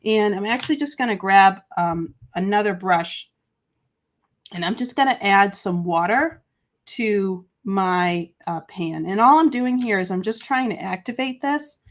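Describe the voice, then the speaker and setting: A woman's voice: mid-range voice, animated, measured pace. A woman hosting a live crafting tutorial, chatty and gushing, talking to her chat between coughs from a summer cold. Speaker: host of a live papercraft show.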